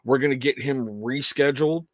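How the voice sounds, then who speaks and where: A man's voice: medium pitch, moderate pace, no room sound, studio quality. Rambling man hosting a livestream. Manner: rambling, self-interrupting, earnest. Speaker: livestream host. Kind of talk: casual livestream chat.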